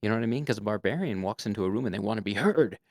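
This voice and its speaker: Low, animated male game master, a guest talking roleplay tips, dry close recording. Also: rapid-fire, no echo. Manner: animated, demonstrates voices. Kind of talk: casual advice chat.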